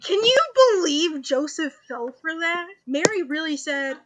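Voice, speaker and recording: Young woman, high voice, bright, slangy, joking, casual podcast chat. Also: expressive, measured pace, slight background noise. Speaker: podcast co-host.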